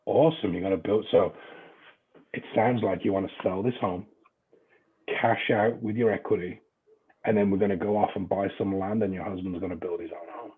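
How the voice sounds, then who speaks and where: A man's voice: low-pitched, fairly even intonation, normal speed, breathy edge, phone-quality sound. A man with an English accent leading a real estate training class in a chatty, informal way, swearing now and then. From England.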